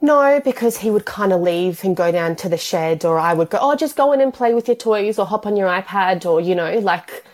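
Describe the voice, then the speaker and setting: A woman's voice: mid-range voice, expressive, a little fast, hardly any pauses. A woman, telling her story as an interview guest in long, tumbling run-on sentences full of "like". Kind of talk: emotional personal interview.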